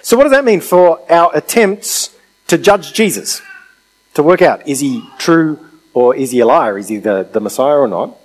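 A man's voice: a little high, expressive, moderate pace, rough recording. A man preaching a sermon in a conversational way, asking rhetorical questions and acting out quotes.

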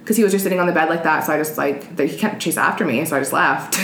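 Chatty woman, low voice, echoey room. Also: quick pace, very noisy. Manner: chatty, swears freely, acts out quotes. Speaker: guest. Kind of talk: casual chat, storytelling.

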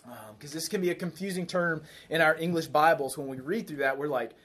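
A man's voice: fairly high pitch, fairly quick, few pauses, a bit bright. Conversational man preaching a sermon. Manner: conversational, repeats key phrases, asks the congregation questions. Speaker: pastor. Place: church.

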